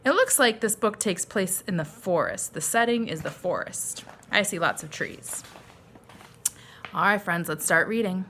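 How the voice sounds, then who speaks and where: A teacher reading a picture book aloud to young children and asking them questions. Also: female voice, mid-range voice, animated, unhurried, fairly bright tone, a little hiss or hum. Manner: friendly questions to young listeners. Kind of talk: children's story read-aloud lesson.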